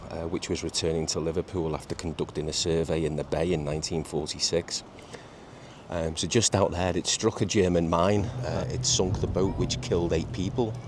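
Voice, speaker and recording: A middle-aged man, chatting casually in a walking vlog on a seaside promenade, halting with many repeats and fillers. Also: low voice. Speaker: vlogger. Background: faint outdoor ambience with traffic and seagulls.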